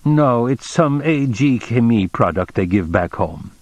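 A man's voice: medium pitch, lively intonation, a little slow, a little mellow, dry recording, highs cut off. A man reading an audiobook voices a tense, desperate man who speaks urgently and pleadingly.

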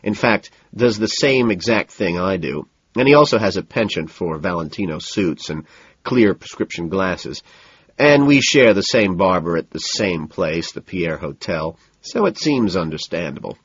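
A man narrating a novel in the first person in a cool, measured, understated way. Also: low voice, expressive, slightly rough, dry recording, dull audio. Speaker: audiobook narrator.

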